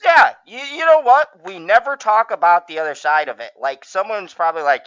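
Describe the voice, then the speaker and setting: A woman's voice: medium pitch, fairly quick, dry recording, dull audio. A woman co-hosting a casual podcast chat, swearing freely and laughing often. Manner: profane, laughs often, animated. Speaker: podcast co-host.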